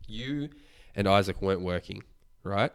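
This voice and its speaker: A man's voice: fairly low pitch, measured pace, vocal fry, clear, resonant tone. Young man telling a story, swearing. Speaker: podcast co-host. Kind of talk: casual chat.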